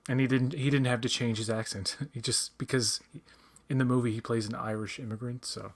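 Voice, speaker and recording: A man's voice: medium pitch, fairly even intonation, fairly quick. A man from Newfoundland with a light accent, chatting casually as a guest on a fan commentary podcast, rambling and self-deprecating. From Newfoundland, Canada.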